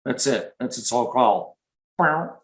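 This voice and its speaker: A man's voice: mid-range voice, normal speed, low-quality recording. Chatty man imitating frog calls. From Michigan. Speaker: nature educator. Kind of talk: live presentation.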